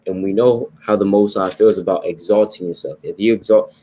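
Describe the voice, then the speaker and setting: A man's voice: on the low side, fairly even intonation, a little fast, dark tone, a little hiss or hum. A man teaching the Bible in a conversational sermon style, informal and repetitive, often checking in with "right?" and "you know". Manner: informal, repeats points, tags lines with "right?" and "you know".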